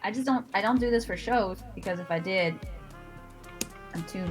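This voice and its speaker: A woman's voice: mid-range voice, moderate pace, faint music behind. A woman co-hosting a casual live stream from her home office, talking in a wry, chatty way. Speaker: co-host.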